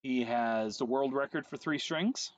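A man's voice: medium pitch, measured pace, no room sound. Wry man in his forties, dull lo-fi sound. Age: 40s. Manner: wry, teasing. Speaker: podcast co-host. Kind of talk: casual chat. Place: outdoor home deck.

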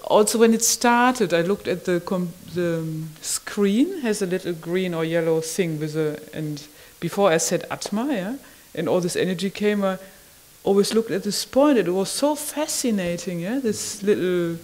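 A woman recalling a personal experience in conversation, halting and marvelling, often ending phrases with a questioning "yeah?". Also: on the low side, expressive, a little mellow, rough recording. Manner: wondering, marvelling delivery. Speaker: community member sharing an experience.

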